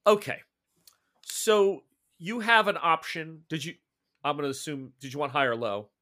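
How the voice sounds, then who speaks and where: Rambling game master, fairly high voice. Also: male voice, normal speed, sharp tone. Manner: loose, rambling narration with restarts. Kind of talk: narrating a tabletop game.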